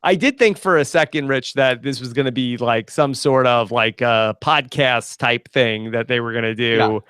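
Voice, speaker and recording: A man's voice: mid-range voice, moderate pace, a bit bright, clear, resonant tone, dry recording, clean studio sound. A man hosting a TV recap podcast, chatting loosely with frequent fillers and restarts. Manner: loose, hesitant, full of fillers. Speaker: podcast host. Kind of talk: casual podcast chat.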